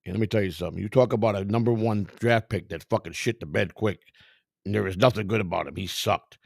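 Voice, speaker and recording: Middle-aged guy, gravelly voice, swearing constantly, storytelling, close dry mic. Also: on the low side, quick pace, no echo. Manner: profane, animated, acts out quotes. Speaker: storyteller, former clubhouse worker. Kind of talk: casual storytelling.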